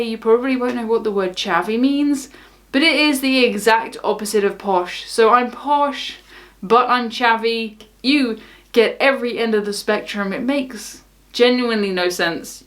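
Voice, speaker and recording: A woman's voice: fairly high pitch, normal speed. Wry young woman with southern English accent. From south of England. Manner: wry, unbothered, laughs things off. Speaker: cruise vlogger. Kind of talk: casual talk to camera.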